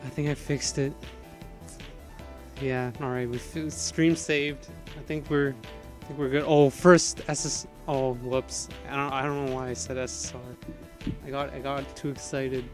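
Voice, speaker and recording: A young man streaming a game, excitable and panicky, laughing often as he chats. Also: medium pitch, unhurried, faint music behind. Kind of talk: gaming livestream chat.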